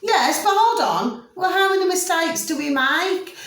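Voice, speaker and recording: Woman in her fifties, rambling chat, pet names, loud then hushed, echoey room. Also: very high voice, expressive, a little slow. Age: 50s. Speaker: vlogger. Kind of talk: casual chat.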